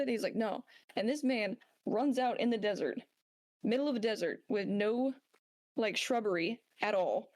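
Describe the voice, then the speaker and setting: A woman who served, guesting on a podcast and telling a funny story in an animated, casual way. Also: medium pitch, normal speed, dry recording, clean studio sound.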